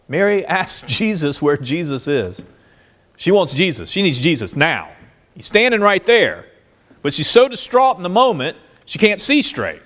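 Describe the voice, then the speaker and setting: Animated pastor preaching with lively pitch. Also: male voice, normal speed. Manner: expressive, swings between soft and animated; asks the listeners questions. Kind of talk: sermon.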